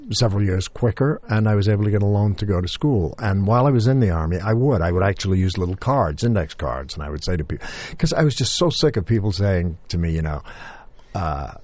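An older man originally from England, who now speaks with a General American accent, tells stories as a guest in a conversational interview. His voice is low and a little mellow, and he uses many fillers and restarts.

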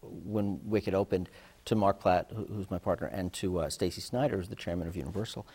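A man's voice: low voice, fairly quick, darkish tone, husky, in a large hall. A man, a theater producer, speaking thoughtfully in a panel discussion.

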